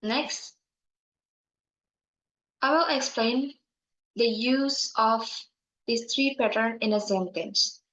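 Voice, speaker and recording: A young woman from Bali with an Indonesian accent, giving a careful, measured class presentation as a university student, with small slips and restarts. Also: on the high side, fairly bright tone. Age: young adult. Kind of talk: scripted explanation. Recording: echoey room, dull lo-fi sound.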